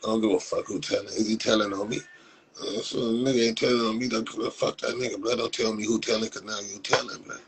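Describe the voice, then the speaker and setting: A man's voice: lowish voice, fairly even intonation, fast talker, slightly rough, low-quality recording. A man from Compton in Los hosts a live stream, mocking viewers in profane, casual talk with frequent laughs. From Compton, Los Angeles.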